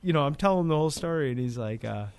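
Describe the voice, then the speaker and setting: A man's voice: a little high, lively intonation, very fast, crowd noise. A man co-hosting a casual podcast, telling a long true story in a rambling way with repeated words. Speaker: podcast co-host. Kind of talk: casual chat. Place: Finger Lakes region of New York.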